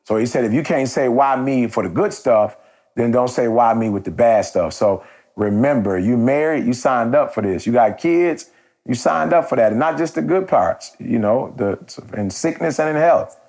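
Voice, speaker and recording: A man's voice: medium pitch, normal speed, darkish tone. Give me a man with an ordinary mid-range voice telling a story loosely and slangily, then pressing home a motivational point. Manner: conversational and slangy, with repeated phrases and restarts. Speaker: motivational speaker and podcast host.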